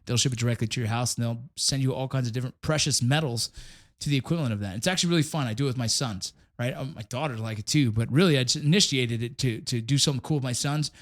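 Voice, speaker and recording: A man's voice: mid-range voice, fast, hardly any pauses. A middle-aged man hosting a casual podcast in an office, chatting loosely with a friend, swearing and laughing often as he reads sponsors. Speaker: podcast host.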